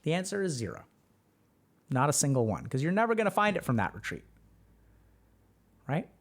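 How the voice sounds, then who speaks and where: A male streamer coaching his viewers on their mental health. His pitch sits a little high and swings widely as he fires off rhetorical questions and checks in with "right?". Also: brisk. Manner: animated, asks rhetorical questions, often says "right?". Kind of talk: livestream advice talk.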